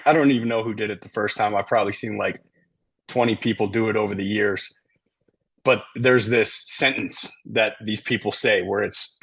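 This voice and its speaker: A man's voice: fairly low pitch, a bit bright, breathy edge. Emphatic middle-aged male sales trainer. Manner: emphatic, keeps checking in with "right?". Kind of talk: sales training talk to a team.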